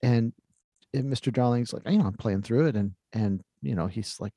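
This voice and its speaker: A man co-hosting a podcast, telling a story in relaxed casual chat. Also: medium pitch, normal speed, dry recording, studio quality. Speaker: co-host.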